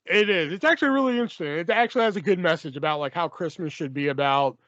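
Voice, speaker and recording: A man's voice: fairly high pitch, quick pace, fairly bright tone, no room sound, highs cut off. A man hosting a casual podcast, chatting loosely and swearing freely as he reads listener questions. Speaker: podcast host.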